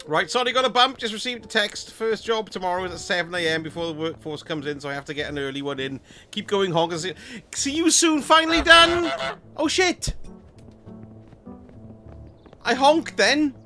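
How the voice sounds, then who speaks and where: Cheeky bright-voiced man gaming. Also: high voice, moderate pace, soft background music. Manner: chatty, cheeky, swears and laughs a lot. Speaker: gaming streamer. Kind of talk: casual let's-play commentary.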